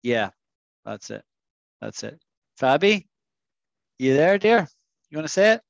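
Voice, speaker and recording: A man's voice: on the high side, sing-song, creaky, no echo, muffled recording. Patient man teaching on a video call. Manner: patient, coaxing, models pronunciation slowly. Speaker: English teacher. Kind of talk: online class vocabulary lesson.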